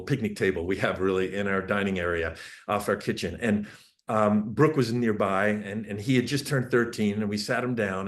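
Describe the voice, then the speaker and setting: A man giving a parenting talk over a shared screen, telling family stories with earnest, restarting speech. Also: lowish voice. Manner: storytelling, acts out family dialogue. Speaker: parenting speaker.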